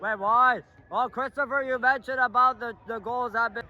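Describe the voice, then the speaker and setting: A man giving excited amateur play-by-play from the sideline of an outdoor stadium field, shouting at big plays and calling out to players and the referee. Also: very high voice, moderate pace, few pauses. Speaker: sideline commentator filming the match.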